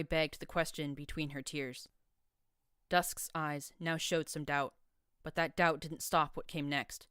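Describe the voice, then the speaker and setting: A woman narrating a first-person fan fiction audiobook in an even storytelling manner, close to the mic. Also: low voice, a little slow, clear, resonant tone, dry recording.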